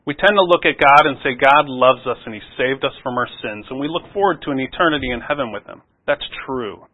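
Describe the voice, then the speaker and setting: A man preaching a sermon in an earnest voice, rising to loud pleading and dropping to soft, low asides. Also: fairly quick. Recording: phone-like narrow sound.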